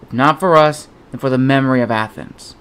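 Dude reading young spartan fighter, earnest and stubborn, audiobook. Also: male voice, mid-range voice, fairly quick, a bit bright, clean tone, close to an everyday voice. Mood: pleading. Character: young brave Spartan warrior, determined.

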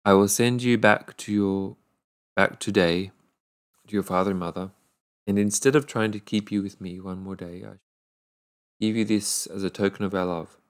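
A man voicing a gentle, sorrowful young sea princess in a storybook reading, speaking softly and pleadingly. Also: on the low side, steady tone, moderate pace, long pauses, natural voice. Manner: soft, pleading.

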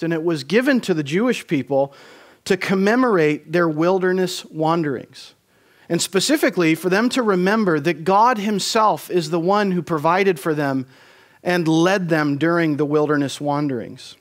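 Higher-voiced man preaching a sermon. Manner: measured preaching, slowing for emphasis on key phrases. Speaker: pastor. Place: church sanctuary.

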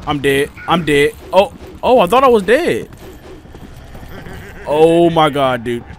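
Excitable young man narrating his gameplay. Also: fairly high pitch, slow, slight background noise. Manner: jokey, excitable, yelps and shouts when attacked. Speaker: gaming YouTuber. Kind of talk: casual let's play commentary.

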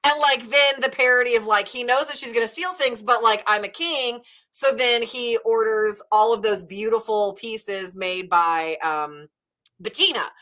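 A chatty woman talking through a book in a casual club discussion. Her voice is bright and forward, and her speech is loose and rambling, with "like" and "um" all through it. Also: fairly high pitch, normal speed. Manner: chatty, many "like" and "um" fillers. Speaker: former literature teacher.

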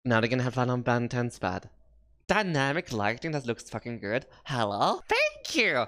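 A woman's voice: a bass voice, animated, normal speed. A woman streaming a game with playful, giggly commentary, now and then shrieking and putting on silly voices for the characters. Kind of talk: casual gameplay commentary.

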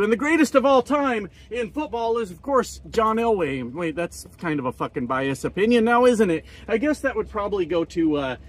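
A man's voice: fairly high pitch, slightly rough. A man who drives trucks, ranting casually to his vlog audience in a profane, joking and self-mocking way.

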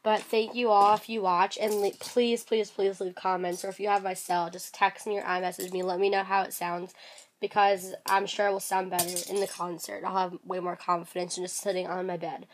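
A woman with a sore, hoarse throat chats straight to camera while sitting on her bed at home. She talks quickly, casually and a little self-deprecatingly, apologizing for how she sounds. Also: mid-range voice, little pitch movement, slight background noise. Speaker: vlogger.

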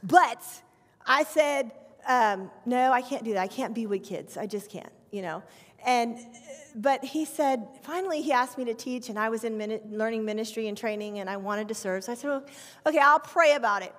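Woman children's pastor in her fifties, animated testimony sermon, slightly high voice, long church-hall reverb. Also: normal speed. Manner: animated storytelling with acted prayers. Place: church sanctuary.

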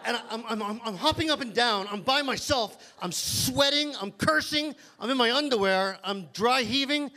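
Guy doing standup at a comedy club, high bright voice, rambling self-mocking stories. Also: normal speed, hardly any pauses.

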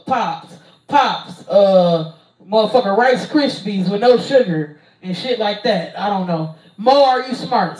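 Young woman host, loose and foul-mouthed, slow delivery, sits back from the mic. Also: mid-range voice, darkish tone. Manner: profane, blunt, hesitant with frequent ums. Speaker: streamer. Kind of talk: casual live-stream Q&A. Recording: roomy sound, distant from mic.

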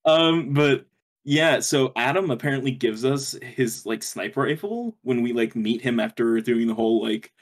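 A man's voice: mid-range voice, expressive, moderate pace. Young man, rambling gamer chat, casual swearing, laughs a lot, hiccuping. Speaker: podcast co-host.

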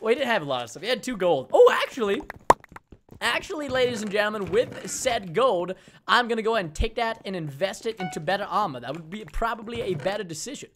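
A young man hosting a live game stream, talking energetically and bursting into shouts when the action heats up. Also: high voice, moderate pace, a little hiss or hum. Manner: energetic, excitable, bursts into shouting during fights. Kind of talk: excited live stream commentary.

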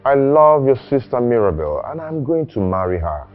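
An actor with a Nigerian accent playing a young suitor who pleads to marry a princess. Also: male voice, mid-range voice, sing-song, moderate pace, close to an everyday voice. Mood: pleading. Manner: pleading then defiant. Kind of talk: Nollywood film acting. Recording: dull film audio with music.

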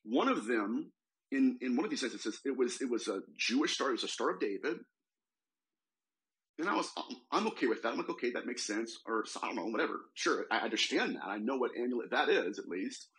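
Male demonologist guest, animated storyteller, lively pitch, acts out the quotes. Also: a little fast, rough recording. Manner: animated, retells a case with quoted voices. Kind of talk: storytelling in a podcast interview.

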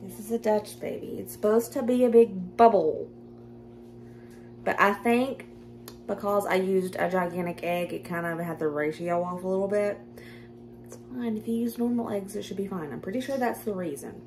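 A Southern American woman talks her viewers through a recipe in her home kitchen, loose and conversational. She pokes fun at herself and laughs easily, her voice sitting at an ordinary middle pitch. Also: a little mellow, slight background noise. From Southern United States. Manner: chatty, self-deprecating, quick to laugh. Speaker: cooking vlogger. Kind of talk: casual cooking demonstration.

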